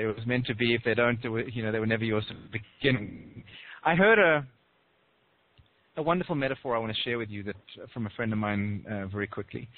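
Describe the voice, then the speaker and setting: A man's voice: on the low side, no echo. A man coaching on relationships in casual talk, telling a story and briefly acting out small voices. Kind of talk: casual advice on a call. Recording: tinny phone line.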